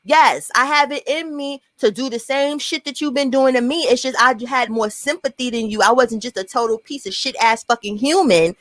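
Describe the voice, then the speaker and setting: Animated New York woman telling a story. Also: high voice, moderate pace, hardly any pauses, no echo. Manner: profane, animated, acts out quotes. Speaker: storyteller vlogger. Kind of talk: casual storytime monologue.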